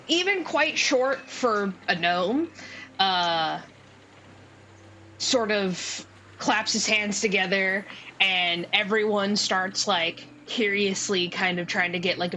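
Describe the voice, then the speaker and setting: Brief: woman game master, slow, rambling narration, faint noise behind. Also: mid-range voice, a bit bright, poor audio. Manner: unhurried, with many fillers and restarts.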